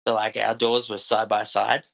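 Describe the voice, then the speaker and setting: A man's voice: fairly low pitch, monotone, normal speed, creaky, a bit bright, highs cut off. A young Australian man telling stories as a podcast guest, laid-back and swearing freely, often saying "dude" and "man". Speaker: podcast guest, equipment operator. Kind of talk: casual storytelling.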